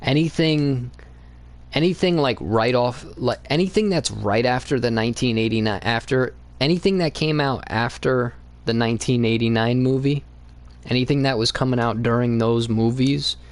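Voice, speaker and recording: A man's voice: medium pitch, moderate pace. Blunt, profane young man ranting about comics. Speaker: comics channel host. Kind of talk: casual opinionated monologue.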